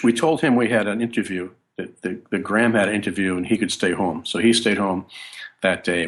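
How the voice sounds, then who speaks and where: Here a man appearing as a guest bassist tells stories in a relaxed interview, his slightly bright voice drifting anecdotally and frequently breaking off to start over.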